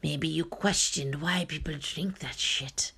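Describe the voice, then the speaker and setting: Gravelly, joking woman podcast host. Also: deep voice, slow pace, sharp tone. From Canada. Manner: chatty, joking and candid. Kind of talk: casual solo podcast chat.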